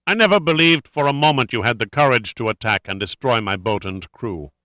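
A man's voice: mid-range voice, brisk, bright, forceful tone, dry recording, lightly acted. A man voicing a cold, contemptuous male villain who speaks with commanding scorn.

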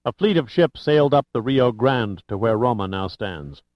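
A man voicing a focused male explorer who explains things in a measured way, in a dull lo-fi recording. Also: mid-range voice, animated, no echo, lightly acted.

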